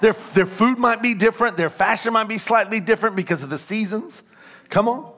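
A man preaching a sermon in church, emphatic, with call-and-response lines that rise to shouts on key points. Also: high voice, fairly quick. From California. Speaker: pastor. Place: church sanctuary.

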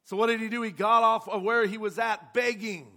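Fired-up preacher guy, pretty high voice, keeps asking the crowd questions. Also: fairly even intonation, fairly quick, bright, forceful tone. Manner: impassioned preaching with rhetorical questions to the congregation. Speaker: pastor. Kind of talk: sermon.

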